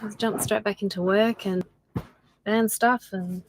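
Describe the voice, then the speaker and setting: A tired woman with an Australian accent, chatting casually with viewers on a livestream, laughing often and trailing off into soft asides. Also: mid-range voice, steady tone, measured pace, noisy background. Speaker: channel host doing a livestream. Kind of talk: casual live chat with viewers.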